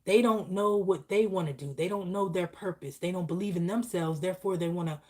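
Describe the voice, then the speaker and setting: Earnest woman preaching a channeled message, low voice. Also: fairly quick, darkish tone. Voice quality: emotional, heartfelt delivery. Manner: earnest, repetitive, preaching with frequent "okay?". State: close to tears. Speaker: spiritual channeler. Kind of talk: live channeled spiritual message.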